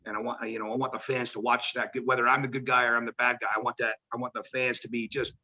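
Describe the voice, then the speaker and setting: A man telling stories as an interview guest, animated and acting out the people he quotes, swearing casually, on a dull lo-fi recording. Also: medium pitch, fast talker. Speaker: guest, professional wrestler.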